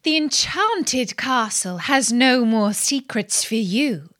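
A woman's voice: a little high, expressive, slow pace, a bit bright, pitched above the performer's own voice. A woman reading the lines of the eldest princess, speaking formally. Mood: toasting. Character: eldest princess, stately and scheming.

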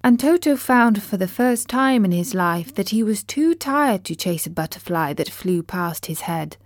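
A woman reading a children's storybook aloud in a measured, gentle way. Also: medium pitch, animated, no room sound, clean studio sound. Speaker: narrator.

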